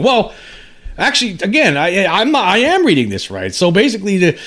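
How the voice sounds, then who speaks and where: A man's voice: high-pitched, huge pitch swings, fairly bright tone. A man in his fifties casually commenting on an article he reads aloud, stumbling and restarting, his voice climbing when he gets worked up. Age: 50s. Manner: halting, many restarts, rising when indignant. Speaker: UFO commentary channel host.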